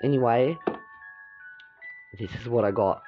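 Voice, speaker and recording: A woman voicing a calm, caring young woman bringing gifts, in a low, soft, affectionate voice on a dull lo-fi recording. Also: a little slow, faint music behind. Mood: tender.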